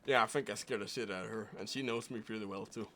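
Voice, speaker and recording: A man's voice: fairly low pitch, fairly even intonation, fast, fairly bright tone, slight background noise. A man streaming a western roleplay game, chatting casually, laughing often and swearing freely. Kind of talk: casual chat while playing a roleplay game.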